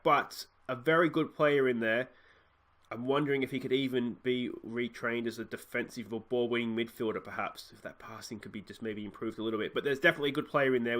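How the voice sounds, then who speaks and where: A man with an Australian accent hosting a game let's play, talking chattily with excitable, self-mocking asides. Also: mid-range voice. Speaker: gaming channel host.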